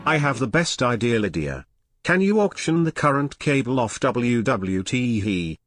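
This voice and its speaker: A man's voice: medium pitch, very animated, normal speed, no echo. Dry text-to-speech man reading chat quips.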